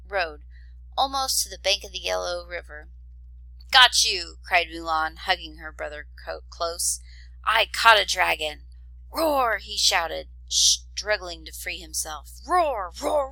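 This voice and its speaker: A woman narrating a storybook tale in an expressive read-aloud style. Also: on the low side, creaky, no echo, rough recording.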